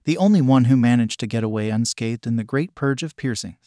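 A wry teenage girl teases with a small smirk in her words, as a man reads her. The pitch is middling and the sound is dry and close. It is an everyday reading voice. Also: fairly quick, dark tone, dry recording, lightly acted. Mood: teasing.

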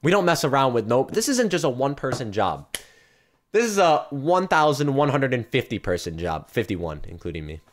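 An excitable young man narrating his gameplay live to his viewers, his pitch leaping all over as he bursts into sudden yelps and shouts. His voice sits at an everyday middle pitch. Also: fairly quick. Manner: chatty, talks straight to viewers. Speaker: gaming streamer.

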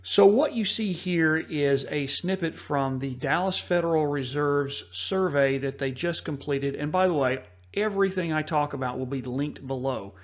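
A man hosting a preparedness talk, narrating over slides in an earnest, measured way with frequent fillers. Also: on the high side, muffled recording. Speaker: host.

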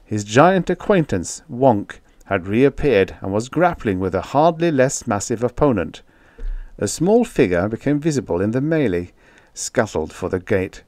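A man narrating a science fiction audiobook in an expressive, lively reading. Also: mid-range voice, unhurried, no room sound.

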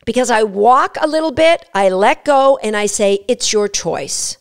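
Woman dog trainer, high voice, lively step by step explaining. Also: measured pace. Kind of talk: instructional talk.

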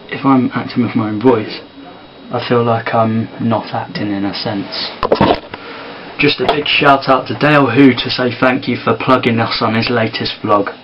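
Man, casual vlog, quiet, soft-spoken, tired, dull lo-fi sound. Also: medium pitch, a little hiss or hum. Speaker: vlogger and amateur filmmaker.

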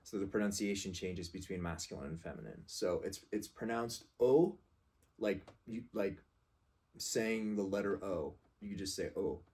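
Guy rambling about perfume, kinda low and husky, gets emphatic correcting people. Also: moderate pace, warm tone. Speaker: fragrance reviewer. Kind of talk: casual explanatory talk.

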